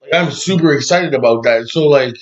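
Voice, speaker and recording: A man co-hosting a podcast, talking loosely and swearing casually, dropping "like" and "dude" all through. His pitch sits in the usual middle range. The recording is a bit dull and lo-fi. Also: a little fast, a crowd in the background. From Canada. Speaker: podcast co-host. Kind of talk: casual chat. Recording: dull lo-fi sound.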